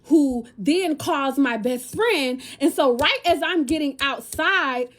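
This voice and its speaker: A woman's voice: sits high, slow pace. A young American woman telling a casual storytime vlog, chatty and talking straight to her viewers with a lot of slang. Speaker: lifestyle content creator.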